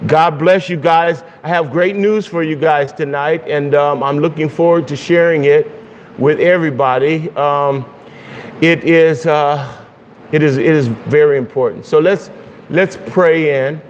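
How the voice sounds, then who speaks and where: A man serving as pastor, leading a casual online Bible study and prayer, greeting viewers with loose pauses and fillers. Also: fairly high pitch. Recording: dull hall echo with faint hiss.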